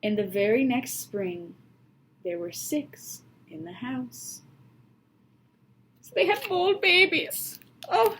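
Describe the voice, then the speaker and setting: A woman's voice: mid-range voice, background noise. A woman teacher reading a storybook aloud and stopping to spell out words letter by letter for young students. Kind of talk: phonics lesson with read-aloud.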